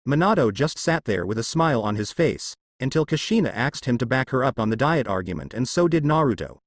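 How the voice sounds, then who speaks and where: Man, story narrator, lively pitch, dry close sound. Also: fairly quick, no room sound. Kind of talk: fan fiction narration.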